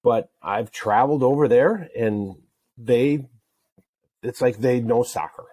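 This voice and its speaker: A middle-aged man from Wisconsin co-hosting a sports parenting podcast, telling stories in a joking, animated way. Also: mid-range voice, slow. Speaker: podcast co-host. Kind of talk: casual chat.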